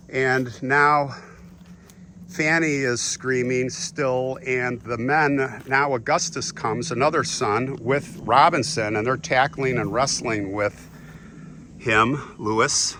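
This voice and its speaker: Brief: man narrating history, lively delivery, slips into quoted lines, faint noise behind. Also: medium pitch, slow. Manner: animated, acts out quotes in passing. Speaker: history storyteller. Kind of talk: casual dramatic retelling.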